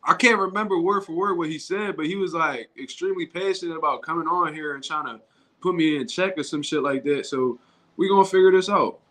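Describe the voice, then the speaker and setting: A man with a slightly higher voice talks casually into his livestream. He speaks in loose street slang, restarting sentences as he goes. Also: brisk, fairly bright tone. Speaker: boxing commentary YouTuber.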